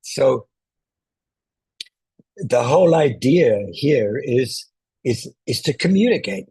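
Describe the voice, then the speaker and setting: A man coaching viewers on online presentations in a casual tutorial, talking loudly on purpose and often checking in with "right?", from a small one-room apartment. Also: medium pitch, big pitch swings, slow pace, slightly rough, no room sound, rough recording.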